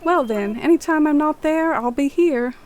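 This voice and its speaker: A woman's voice: high-pitched, normal speed, a little hiss or hum, pitched above the performer's own voice, close to an everyday voice. A woman voicing a friendly male cat shopkeeper in an attempted Cockney accent, with a salesman's patter. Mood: chummy.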